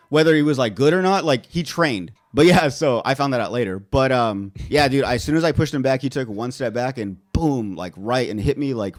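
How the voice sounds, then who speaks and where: A young man casually telling a rambling, profane story on a podcast, laughing as he goes. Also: mid-range voice. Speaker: podcast host.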